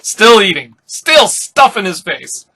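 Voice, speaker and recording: A young man reads a comic aloud in a rambling, offhand way, swearing and chuckling between panels. His voice sits high and sounds bright and sharp. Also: very animated, takes it slowly, breathy edge. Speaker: comic reaction host. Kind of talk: casual reading reaction.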